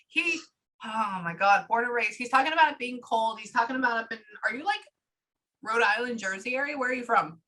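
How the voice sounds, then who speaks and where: A woman working as a psychic medium, talking fast and casually through a live reading and swearing freely. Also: a little high, sharp tone. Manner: rapid, chatty, swears casually.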